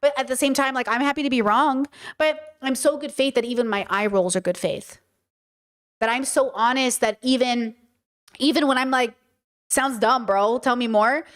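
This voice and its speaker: A young woman in her adult years hosts a podcast, her voice sitting high as she speaks casually and with animation. Swearing is frequent, and she imitates people in fast asides.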